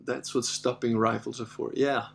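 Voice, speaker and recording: With faint music in the background, a middle-aged man hosting a podcast recounts a story in a creaky, mid-range voice at a moderate pace. He voices the characters, laughs frequently, and swears here and there, keeping it animated and casual.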